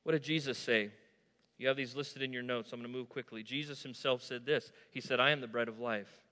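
A man preaching a sermon, moving from soft asides to loud, emphatic declarations. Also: mid-range voice, steady tone, brisk. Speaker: pastor. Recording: long hall reverb.

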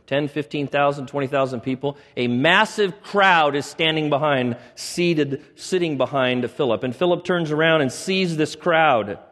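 A man preaching a sermon, retelling a story with animated delivery and acting out quoted lines. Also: mid-range voice, long reverb tail. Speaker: pastor.

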